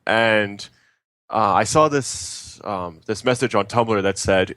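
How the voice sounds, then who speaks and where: Rambling young Canadian guy, low voice. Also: takes it slowly, a bit bright, clear, resonant tone, dry recording. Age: young adult. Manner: hesitant, rambling with fillers. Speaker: podcast co-host. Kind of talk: casual chat.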